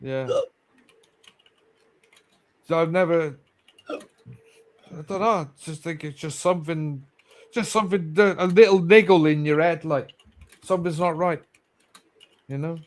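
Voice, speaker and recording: A man's voice: on the high side, measured pace, long pauses. A man on a livestream panel, rambling through a story with lots of fillers and swearing. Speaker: livestream guest. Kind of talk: casual chat.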